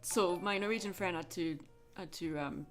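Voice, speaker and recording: A Scottish woman chatting frankly with soft laughs while drawing on a livestream. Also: fairly low pitch, moderate pace, faint music behind. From Scotland. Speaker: livestreaming artist.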